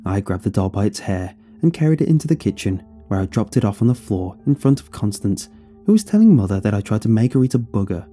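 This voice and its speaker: Dark, husky male horror storyteller. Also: lowish voice, fast, faint music behind. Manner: expressive first-person storytelling. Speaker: narrator. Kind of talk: scripted horror story narration.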